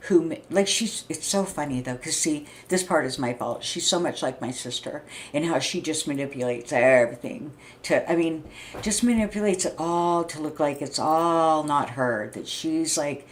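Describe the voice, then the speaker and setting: Low-voiced woman in her sixties, rambling. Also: normal speed, a little hiss or hum. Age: 60s. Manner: rambling, loud-talking, frequent "right?" and "you know what I mean?". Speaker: vlogger. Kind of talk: casual venting monologue.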